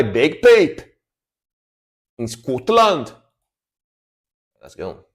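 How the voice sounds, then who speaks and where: A man streaming live reactions to metal songs, talking casually and excitedly, swearing and slipping into joke impressions. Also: medium pitch, slow pace, pauses often.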